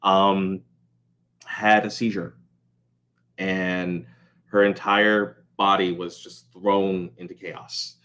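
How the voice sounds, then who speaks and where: A man's voice: sits low, level tone, slow, pauses often, a bit bright. A man hosting a casual vlog update from home, rambling and apologetic, with many ums and restarts. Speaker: host of a small crafts business channel.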